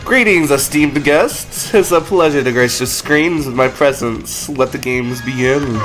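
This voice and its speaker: A man voicing a smug, arrogant male lawyer contestant, speaking in a haughty, slow, self-satisfied way. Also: medium pitch, a bit bright, faint music behind, lightly acted, rough recording.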